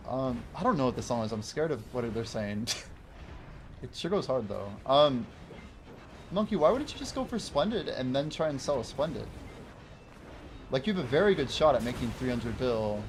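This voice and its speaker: A man's voice: mid-range voice, expressive, normal speed. A man talks loosely while streaming a game, reading out viewer messages and laughing easily. His voice sits in a middle register. A faint hiss runs under the recording. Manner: chatty, reads and answers viewer chat, laughs often. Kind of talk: casual livestream chat while playing. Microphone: wears headphones while streaming.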